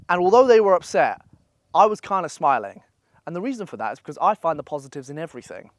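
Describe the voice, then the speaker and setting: A young man gives blunt, profane, energetic motivational advice in a casual vlog, speaking at a holiday villa. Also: on the high side, quick pace. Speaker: online business coach.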